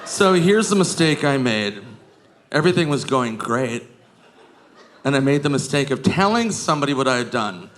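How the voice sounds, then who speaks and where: A man in his forties doing stand-up, telling stories in an animated way that jumps into loud shouts on a comedy stage. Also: mid-range voice, moderate pace. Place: comedy stage before a live audience. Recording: live comedy club, audience noise.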